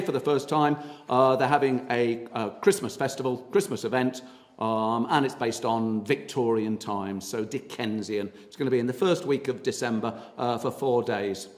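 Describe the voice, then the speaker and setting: A man giving a public history talk as a tour guide, chatty and full of ums and uhs. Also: mid-range voice.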